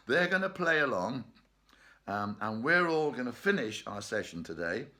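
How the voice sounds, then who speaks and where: A man's voice: mid-range voice, very animated, a little slow, sharp tone. A man leading an online choir rehearsal from his bedroom, chatty and joking, laughing often. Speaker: choir leader. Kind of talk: casual online rehearsal chat. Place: bedroom at home.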